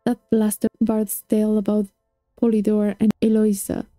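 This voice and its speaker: A woman's voice: medium pitch, completely flat delivery, measured pace, mellow, dry recording, soft background music, close to an everyday voice. A woman voicing a sulky male king who growls out sour complaints in a storybook reading.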